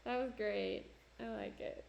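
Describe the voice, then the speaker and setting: A woman's voice: mid-range voice, fairly even intonation, a little slow, gravelly, a little mellow, dull audio. A woman from New Jersey streaming while she works on pottery, chatty and self-deprecating, laughing often. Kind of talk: casual livestream chat while working. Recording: roomy echo.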